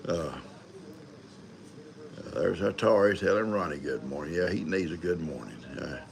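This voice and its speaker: A man's voice: low-pitched, animated, moderate pace, gravelly, slight background noise. An older man hosting a live stream, rambling in a folksy way and greeting viewers one by one. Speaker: livestream host. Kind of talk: casual live chat.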